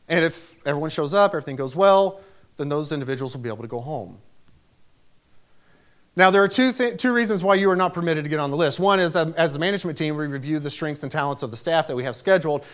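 High-voiced man preaching a sermon. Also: fairly bright tone. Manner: emphatic storytelling, rising to raised exclamations.

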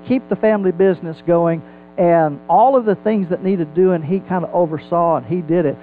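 A man with a high voice delivers a Bible sermon, swinging his pitch up and down as he asks rhetorical questions. The sound is thin and phone-like, with faint music underneath. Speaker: preacher.

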